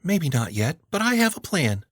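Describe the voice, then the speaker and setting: A man's voice: fairly high pitch, very animated, moderate pace, no echo, pitched above the performer's own voice. Man doing a sassy, stubborn teenage girl. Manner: dry, sassy retorts.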